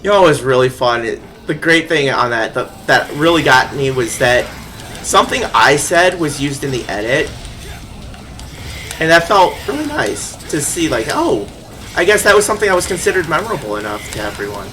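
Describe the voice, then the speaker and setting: A game streamer chatting casually while playing, rambling and giggly, quick to laugh at their own slips. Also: medium pitch, very animated, fairly bright tone, slight background noise. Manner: rambling, giggly, self-deprecating. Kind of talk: casual live-stream chat while gaming.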